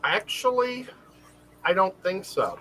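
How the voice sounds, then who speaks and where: High, bright, lively man telling stories. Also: takes it slowly, a little hiss or hum, poor audio. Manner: animated storyteller who laughs often. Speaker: livestream co-host. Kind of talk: casual live-stream chat.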